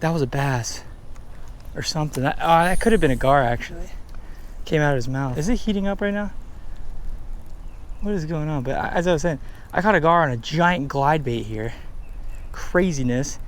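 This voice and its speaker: A young man from Delaware filming his own fishing trip, exclaiming and chatting excitedly beside a pond. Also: on the high side, normal speed, long pauses, slight background noise. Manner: excitable, exclaiming, mild slang. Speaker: fishing vlogger. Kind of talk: excited casual vlog commentary. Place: outdoors by a pond.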